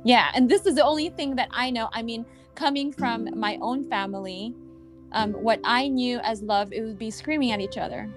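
A woman coach hosts a casual podcast chat in a slightly high voice. She rambles, hunts for the right word and laughs easily. Music plays clearly underneath the whole conversation. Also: normal speed. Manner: rambling, searches for words with many fillers. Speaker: healing coach and podcast host.

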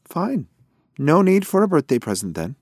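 A man doing a brisk young girl mouse. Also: on the high side, sing-song, a little mellow, no echo, studio quality, voice pushed up. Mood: matter-of-fact.

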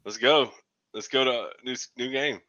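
A man's voice: mid-range voice, normal speed, sharp tone, muffled recording. A man co-hosting a casual gaming session, giggly and joking. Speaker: podcast co-host.

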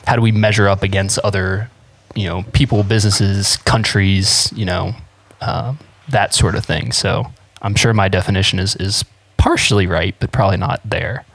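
A man's voice: low-pitched, fairly even intonation, moderate pace, a bit bright, dry recording. Podcast host, male, chatty, rambling, restarts a lot; dry, close sound. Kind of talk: casual conversational podcast.

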